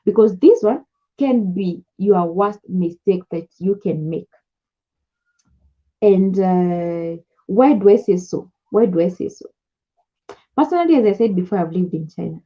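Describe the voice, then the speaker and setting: Young woman, Kenyan accent, casual coaching talk, husky voice, dull lo-fi sound. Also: mid-range voice. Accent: Kenyan English. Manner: chatty, repeats key points, mixes English with Swahili. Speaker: import business coach. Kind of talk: casual advice talk to camera.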